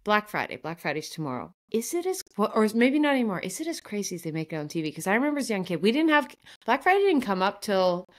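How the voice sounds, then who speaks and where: Chatty woman co-host, quick and rambling, casual podcast talk. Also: medium pitch, sing-song. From Canada. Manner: quick, chatty, lots of fillers and restarts. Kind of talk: casual chat.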